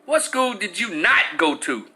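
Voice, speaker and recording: A man in his forties telling a story as a profane, animated rant, acting out other people's voices. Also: high voice, unhurried. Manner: animated, acts out voices, swears freely. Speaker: commentator.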